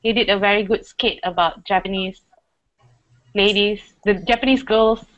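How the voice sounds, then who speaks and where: A woman's voice: medium pitch, steady tone, moderate pace, a bit bright. Woman host chatting in two languages. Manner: mixes English and Japanese in chat. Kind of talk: casual chat. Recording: dull lo-fi sound.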